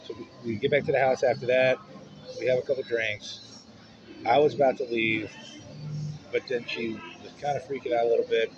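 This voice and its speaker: A man's voice: mid-range voice, fairly even intonation, a little fast, long pauses, over music. A man telling a personal story in a casual, frank way, swearing freely. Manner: frank, profanity-laced. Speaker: vlogger. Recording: muffled, noisy street sound.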